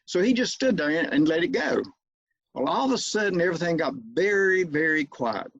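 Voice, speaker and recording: A man's voice: on the high side, no echo, lo-fi sound. A man telling a humorous anecdote in a folksy storytelling manner over a video call. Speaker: club speaker.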